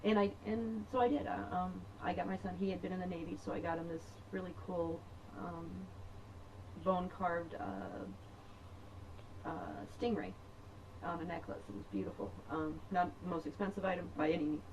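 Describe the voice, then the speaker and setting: A middle-aged woman telling a personal story in a rambling, chatty way, laughing often and filling pauses. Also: lowish voice, noisy background. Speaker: podcast host.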